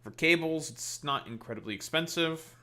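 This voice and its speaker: A man's voice: fairly high pitch, normal speed, sharp tone. A man streaming a game live, talking casually and ranting profanely at his chat.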